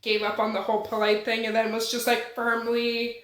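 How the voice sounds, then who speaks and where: A woman's voice: fairly high pitch, completely flat delivery, brisk, fairly bright tone. A woman recapping a thriller novel in a chatty, slangy way with playful asides to the viewer. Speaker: book reviewer. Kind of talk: casual book recap. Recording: roomy echo.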